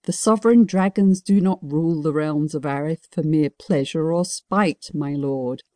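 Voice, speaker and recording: A woman voicing an old male wizard counselor who explains gravely and solemnly in an audiobook. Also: deep voice, normal speed, dark tone, dry recording, clean studio sound, close to an everyday voice.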